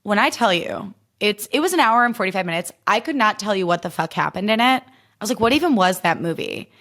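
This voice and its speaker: A woman's voice: mid-range voice, expressive, fast, a bit bright. A woman in her mid-thirties from Illinois hosts a casual solo podcast. She talks in a chatty, emphatic way, peppering her speech with fillers and swearing. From Illinois, USA. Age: 30s. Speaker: podcast host.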